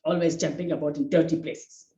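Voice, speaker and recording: A woman's voice: low voice, fairly even intonation, a little fast, dark tone, echoey room, lo-fi sound, pitched below the performer's own voice, natural voice. A woman doing a bragging lazy cartoon cat. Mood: scornful. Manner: scornful, bragging.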